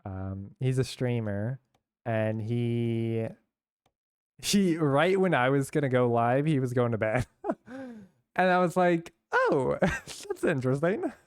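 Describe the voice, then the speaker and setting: A man's voice: medium pitch, takes it slowly, a little mellow, clear, resonant tone, no room sound, clean studio sound. A young man from San Francisco chatting casually with his chat while streaming a game, rambling and laughing along.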